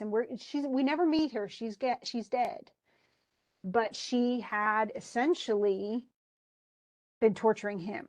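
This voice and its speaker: A woman's voice: on the high side, takes it slowly, darkish tone, no echo. A woman teacher talking a class through a play in casual, chatty explanations.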